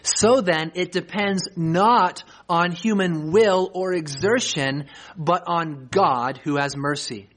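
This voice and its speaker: A man's voice: fairly high pitch, slow, a bit bright, poor audio. A man preaching an expository sermon as pastor, earnest and emphatic, posing rhetorical questions.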